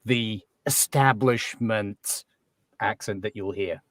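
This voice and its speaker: A man's voice: lowish voice, slow pace, fairly bright tone, no room sound. A man from England with a slightly transatlantic English accent, explaining accents as a guest in a casual chat, wry and full of ums. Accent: English, softened toward transatlantic after years in Canada.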